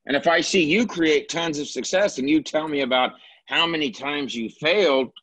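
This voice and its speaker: A man's voice: a little high, moderate pace, a bit bright, no room sound. A man making brief, affirming points in a casual podcast roundtable. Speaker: roundtable panelist. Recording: muffled with crowd chatter behind.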